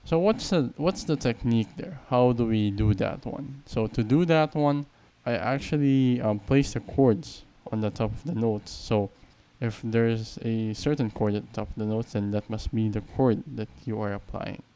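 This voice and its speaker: A man's voice: mid-range voice, normal speed, few pauses, mellow, clear, resonant tone. A man teaching a piano tutorial, counting beats aloud and explaining patiently. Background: piano playing.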